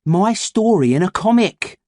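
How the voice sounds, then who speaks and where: A man voicing a brash, excitable schoolboy who is whiny and pushy. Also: high voice, unhurried, dry recording, studio quality, voice pushed up. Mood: whiny, excited.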